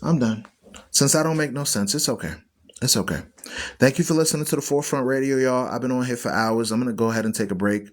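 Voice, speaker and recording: A man's voice: mid-range voice, fast talker. A man hosting an online Bible radio show, teaching scripture in an emphatic, preachy way and repeating phrases for stress. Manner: preachy, argues with viewers.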